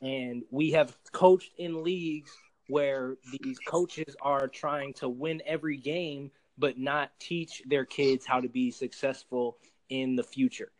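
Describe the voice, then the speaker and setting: A man who coaches youth sports, talking animatedly on a podcast and sometimes shouting out sideline calls. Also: medium pitch, steady tone, takes it slowly, low-quality recording. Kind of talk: casual podcast chat.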